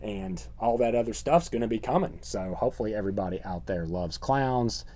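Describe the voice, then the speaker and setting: A middle-aged man with a fairly low voice rambles through a show-and-tell monologue for his horror channel. His delivery is sardonic, dropping deadpan jokes as he goes. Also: a little fast.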